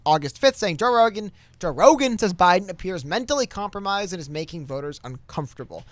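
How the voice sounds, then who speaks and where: A man's voice: sits high, lively intonation, a little fast, fairly bright tone, no echo. A man co-hosting a casual political chat over a call, rambling and reading quotes aloud with many restarts. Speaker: podcast co-host. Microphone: webcam call mic.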